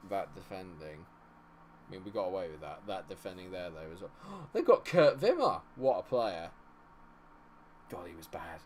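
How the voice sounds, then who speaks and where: A man giving live commentary on a football management game, chatting with viewers and reacting loudly to the match. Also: low voice, a little hiss or hum. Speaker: streamer.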